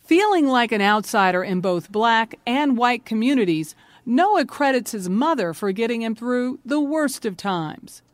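Lively woman news narrator. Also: fairly high pitch, measured pace, no room sound. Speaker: news correspondent.

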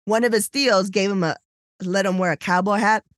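A podcast co-host tells a story in casual conversation, animatedly voicing the people she quotes. Her voice sits at medium pitch and moves a little fast, captured in a dry, studio-quality recording.

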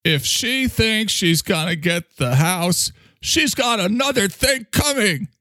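A man's voice: sits high, lively intonation, takes it slowly, pushed and bright, no room sound, clean studio sound, voice pushed up, full character voice. A man voicing an angry homeless man on a street corner who keeps muttering the same grudge. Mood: resentful. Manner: bitter, repeating the same grudge.

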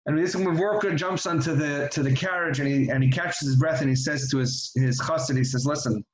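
A man's voice: a little high, steady tone, a little fast. A man giving an earnest, reflective religious talk that moves into storytelling, often restarting his sentences. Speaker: religious teacher. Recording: echoey room.

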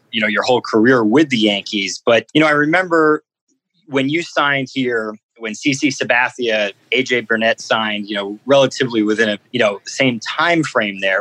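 A man's voice: mid-range voice, a bit bright, rough recording. A man, a sports reporter hosting, asking long, rambling interview questions full of "you know".

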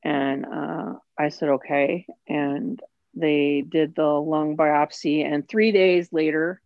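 A woman's voice: sits low, steady tone, slow, no room sound, dull audio. A woman telling her own story as an interview guest, candid and emotional. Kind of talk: personal storytelling.

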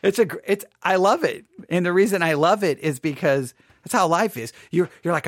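A man hosting a Bible podcast, chatting casually and restarting his sentences, then reading scripture slowly and solemnly. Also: high-pitched, lively intonation, no room sound, studio quality. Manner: chatty and self-interrupting, reads scripture in a slow solemn cadence. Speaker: podcast host and Bible teacher. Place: small home studio.

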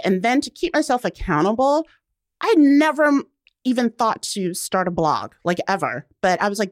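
A woman around forty, a guest on a casual radio interview, telling stories with lively acted-out quotes. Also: mid-range voice, moderate pace, dry recording, studio quality. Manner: animated storyteller, acts out quotes. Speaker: guest, blogger.

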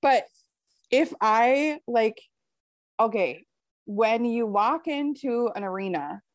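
Expressive woman chatting about books. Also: on the high side, slow, no room sound. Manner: expressive, laughs easily, chatty asides. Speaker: podcast co-host. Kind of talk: casual book chat.

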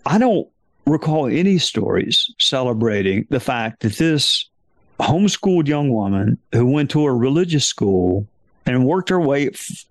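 A man's voice: mid-range voice, dry recording, studio quality. A middle-aged man, chatting casually as a podcast host in an emphatic, folksy, self-mocking way. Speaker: podcast host answering listener questions. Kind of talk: casual chat.

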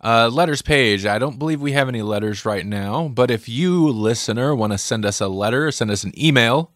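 A man's voice: medium pitch, fairly quick, fairly bright tone, no room sound, studio quality. A man co-hosting a comic book podcast, chatting casually and rambling with lots of "like". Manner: rambling, with lots of "like" and self-deprecating laughs. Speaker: podcast co-host. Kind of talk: casual chat.

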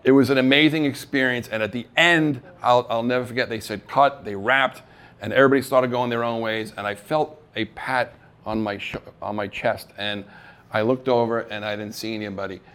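Onstage at a live event, a middle-aged man tells stories of his acting career, voicing the people he quotes and laughing at himself. His voice is medium-pitched, a little fast, and clean in tone.

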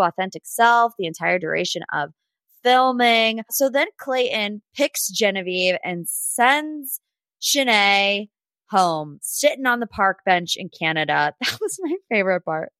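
A young woman hosting a podcast, giving a sassy, animated recap of reality TV gossip and talking straight at the people she discusses. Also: mid-range voice, moderate pace, no echo. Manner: sassy, animated, addresses people directly with "sis" and "girlfriend". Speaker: podcast host. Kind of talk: casual pop culture recap.

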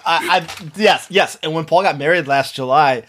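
A man co-hosting a horror podcast in loose, profane chat. His voice sits a little high for a man, and he laughs often and gets animated as he tells a story. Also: moderate pace, a little hiss or hum. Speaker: podcast co-host. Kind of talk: casual chat.

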